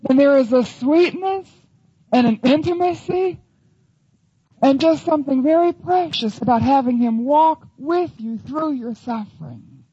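A woman's voice: high voice, unhurried, dark tone, dry recording, dull audio. A woman teaching the Bible in an earnest, emphatic sermon.

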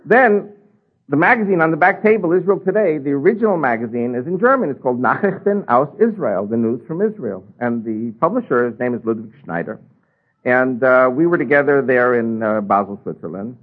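A man tells his personal testimony with animated rises and drops in his voice. His tone is husky and slightly rough. The sound is thin and tinny, like a phone-line radio broadcast. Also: medium pitch, a little fast. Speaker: speaker giving a testimony.

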